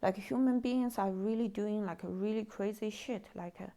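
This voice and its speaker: A woman's voice: mid-range voice, fairly even intonation, normal speed, mellow. A woman hosting a podcast in casual chat, talking animatedly with many fillers and acted-out quotes. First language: Chinese. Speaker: podcast host.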